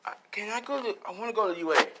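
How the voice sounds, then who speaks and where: A man voicing a gentle, hopeful young girl who speaks tentatively to her father. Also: high voice, racing, heavy background noise, voice pushed up, close to an everyday voice.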